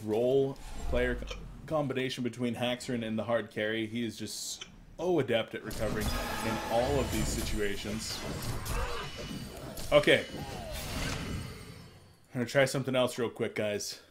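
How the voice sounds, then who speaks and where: A man's voice: mid-range voice, moderate pace, noisy background. A young man with hiccups casting a video game match alone from home, chatty and self-deprecating. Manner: chatty, self-deprecating, bursts of excitement on plays. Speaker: esports caster. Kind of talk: solo play-by-play commentary from home. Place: room at his mother's home.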